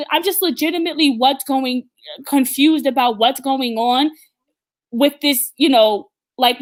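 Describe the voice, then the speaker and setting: A woman's voice: high-pitched, fairly bright tone. A woman hosting an opinionated live talk stream, blunt and emphatic, often stammering and restarting her sentences. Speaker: host.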